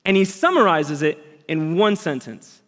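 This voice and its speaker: A man preaching a sermon as a pastor, earnest and conversational, with lively emphasis. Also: on the high side, a little slow. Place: church auditorium. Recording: long hall reverb.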